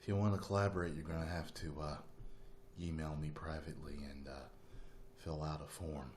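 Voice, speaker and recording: Deep-voiced man telling rambling stories. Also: fairly even intonation, brisk, a little mellow, slight background noise. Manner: rambling anecdotal storytelling. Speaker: host. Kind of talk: casual live-stream chat.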